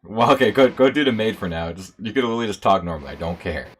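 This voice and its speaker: A man's voice: lowish voice, expressive, rapid-fire, a little hiss or hum. A man casually chatting and giving directions while leading a group game read-through on stream, joking and calling people bro. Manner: joking, bossy, says bro. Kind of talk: casual chat.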